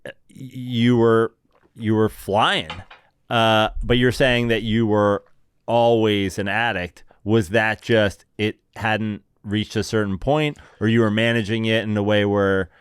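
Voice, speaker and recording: A man interviewing, asking quick, direct questions in a casual conversation. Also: on the low side, level tone, smooth, no echo.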